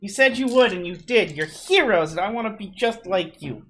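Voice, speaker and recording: Gushing little girl, put on by a woman, high and squealing, tabletop game voice. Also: lively intonation, moderate pace, faint music behind, lightly acted. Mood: grateful. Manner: gushing, shrieking with glee. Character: excited little girl, eager to be a hero.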